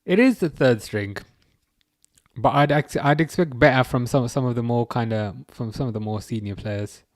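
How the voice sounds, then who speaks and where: A man's voice: medium pitch, moderate pace, no echo, studio quality. A man hosting a football livestream, chatting casually, chuckling wryly and answering comments from chat. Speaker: livestream host.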